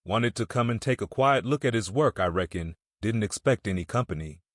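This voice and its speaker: A man's voice: lowish voice, expressive, brisk, no room sound, studio quality. A man voicing a scornful small-town bystander who drawls his sneering remarks.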